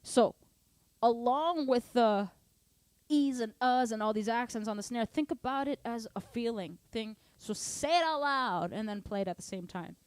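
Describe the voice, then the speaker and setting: A woman's voice: fairly high pitch, normal speed, smooth, no room sound. A woman teaching drums in a casual online lesson, explaining at length and singing out counts and rhythms to show accents. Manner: animated, sings rhythms and counts aloud; chatty, long-winded explanations. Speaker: drum teacher.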